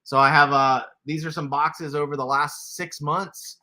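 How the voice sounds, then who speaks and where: A man's voice: on the high side, fairly even intonation, unhurried, sharp tone. A man, casually hosting a toy livestream, laughing often and reading chat aloud. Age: 40s. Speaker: toy collector livestream host.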